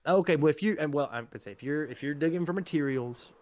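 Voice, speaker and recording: A man's voice: a little high, quick pace. A man hosting a live stream, chatting casually while gaming, rambling with lots of fillers and laughter.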